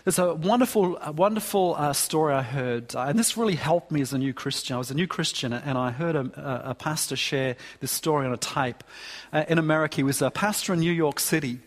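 A man's voice: on the high side, brisk. A man preaching a sermon in a church, earnest and emphatic, often restarting phrases. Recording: long hall reverb.

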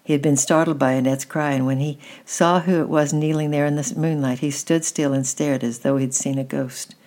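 A woman gently reading a children's story aloud at an unhurried pace. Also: sits low, fairly even intonation.

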